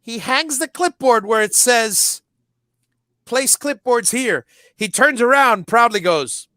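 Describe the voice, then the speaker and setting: A middle-aged man co-hosting a podcast, telling stories in a casual, animated way, acting out movie lines and often restarting his sentences. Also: very high voice, takes it slowly, no echo, clean studio sound. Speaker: podcast co-host. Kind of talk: casual nostalgic chat.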